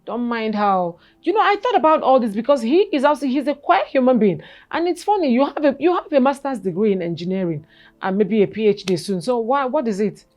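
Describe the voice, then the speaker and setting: On the high side, this is a woman in her forties being interviewed about her life story. She halts and repeats words initially, later becoming animated.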